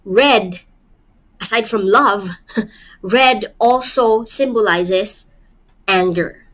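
A woman's voice: mid-range voice, drawn-out words, fairly bright tone. A woman with a Filipino accent giving a literature lesson, explaining a poem with rhetorical questions and small laughs. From Philippines. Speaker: literature teacher. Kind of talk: poetry lecture.

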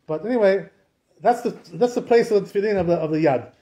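A rabbi with a high-pitched, dark-toned voice talks quickly through an informal class on Jewish law. He keeps it chatty, firing off rhetorical questions and dropping in Hebrew and Aramaic terms.

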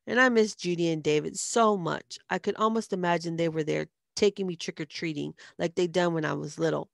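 A woman narrates a first-person story in a steady, even reading. Her voice sits low with a gravelly grain. The sound is close and dry. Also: a little fast, no echo.

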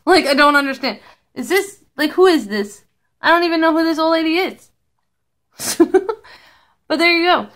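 Blunt, high-voiced woman. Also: fairly bright tone. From Canada. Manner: blunt, profane and sarcastic. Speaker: vlogger. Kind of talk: casual vlog commentary.

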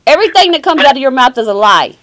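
Sassy high-voiced woman on a phone call. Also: big pitch swings, racing, a bit bright. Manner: sassy, confrontational, mocking. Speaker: caller baiting phone scammers.

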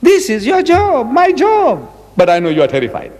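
A man from South Africa giving a public religious lecture, dramatic and animated with lots of repetition. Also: very high-pitched, normal speed, big-room sound, slight background noise. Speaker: Islamic lecturer.

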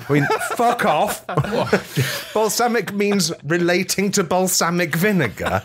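A man co-hosting a comedy podcast, joking and quick to laugh in casual chat. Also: high voice, sing-song, a bit bright, slightly rough. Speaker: podcast co-host.

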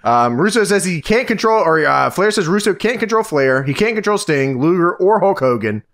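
A podcast co-host recapping wrestling in a casual, profane, joking way. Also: male voice, high-pitched, sing-song, normal speed, fairly bright tone. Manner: joking, profane, quoting others.

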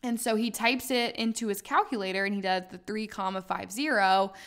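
A woman's voice: mid-range voice, steady tone, a little fast, a bit bright. A young woman hosting a podcast, telling a travel story casually, with dramatic retelling and lots of fillers. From United States. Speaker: podcast host.

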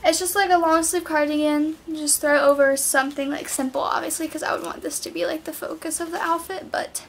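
A woman's voice: high voice, steady tone, fairly quick, slight background noise. A teenage girl chatting at home in a clothing haul vlog, bubbly and full of "like"s. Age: late teens. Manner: bubbly, chatty, filler-heavy talk with many "like"s. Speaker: vlogger. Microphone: built-in camera mic.

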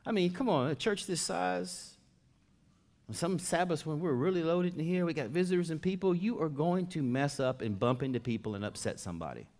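A man's voice: on the high side, expressive, a little fast. Conversational preacher, man, big dynamic swings. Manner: conversational preaching, swinging between soft asides and loud emphasis. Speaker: pastor. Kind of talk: sermon.

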